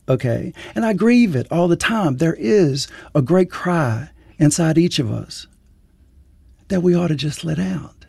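Creaky, husky man telling reflective stories. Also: a little high, expressive, moderate pace, dark tone, no echo, studio quality. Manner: earnest, storytelling, preacherly lifts. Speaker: guest writer. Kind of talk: reflective interview talk.

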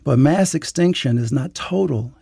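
Male writer guest, gravelly and dark-toned, earnest storyteller. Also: fairly high pitch, lively intonation, moderate pace, no echo. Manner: earnest, storytelling, preacherly lifts. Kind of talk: reflective interview talk.

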